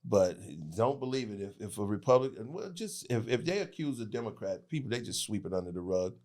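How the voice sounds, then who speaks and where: A man talking as a podcast guest in casual political chat, animated and laughing, with a knack for mimicking voices. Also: fairly low pitch, brisk.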